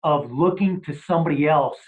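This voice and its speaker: A podcast host with a fairly high voice runs an interview at a brisk pace, steering the conversation with blunt, profane remarks. The sound is tinny, like a phone line.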